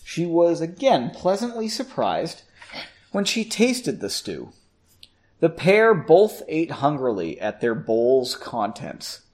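Man reading fiction casually, expressive pitch, stops to joke about the prose. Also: slow. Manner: self-correcting, mocks the text. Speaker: reader. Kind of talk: casual fiction read-aloud.

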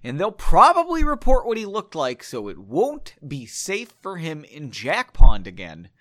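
A man voicing an upset male adventurer who yells his complaints during a story reading. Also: fairly high pitch, big pitch swings, a little slow, no room sound. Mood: angry. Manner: shouting accusations.

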